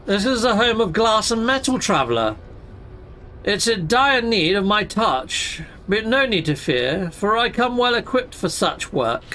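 A man reading aloud the lines of a solemn male farmer character from a space game, in grand, old-fashioned phrasing, with a lively, bright voice. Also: high-pitched, unhurried, a little hiss or hum, exaggerated voice.

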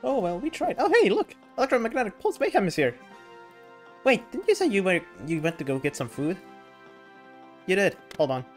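A woman's voice: mid-range voice, expressive, a little fast, pauses often, soft background music. A woman streaming a game, giggly and hyper, chatting playfully with her teammates. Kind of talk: casual gaming stream chat.

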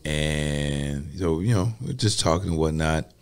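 A man's voice: very deep voice, unhurried, clear, resonant tone. A man who is a guest on a podcast, telling an easygoing, profane story. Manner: easygoing, swears freely. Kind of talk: casual storytelling chat.

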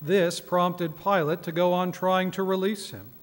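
A man reading scripture aloud at a midweek church service, measured and solemn. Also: sits high, steady tone. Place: church sanctuary. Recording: echoey church hall.

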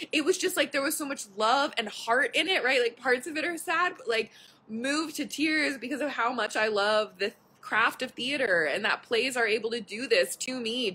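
Bright, chatty young woman going live. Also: a little high, slightly rough. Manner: chatty, candid, swears casually, lots of "like". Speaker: podcast host. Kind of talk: casual live chat. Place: at home on a couch.

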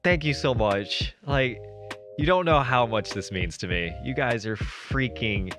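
A man streaming live, reacting excitedly to his chat with frequent laughter and thanks. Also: mid-range voice, a little slow, soft background music. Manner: excitable, laughing, overwhelmed and grateful.

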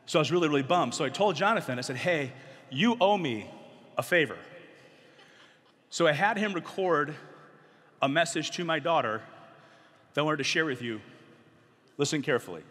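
A man's voice: on the high side, a little fast, long pauses. Joking middle-aged man speaking in an echoing hall. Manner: animated, joking, conversational, many fillers. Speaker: youth conference speaker. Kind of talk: energetic storytelling talk to a youth audience. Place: large conference hall. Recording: long hall reverb.

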